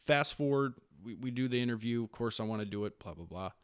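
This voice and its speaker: A man's voice: medium pitch, fast talker, smooth, no room sound, clean studio sound. A man in his late thirties from Wisconsin, a Marine staff sergeant who is the guest in a casual interview, telling stories with many restarts and acting out the lines people said to him. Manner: animated storyteller who acts out quoted lines, with frequent restarts.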